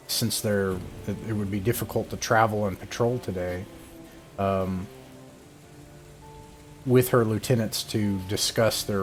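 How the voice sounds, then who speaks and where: Hesitant male game master, lowish voice. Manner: hesitant, many fillers and restarts. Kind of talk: narrating a tabletop game. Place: home, online session. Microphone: computer mic on a video call.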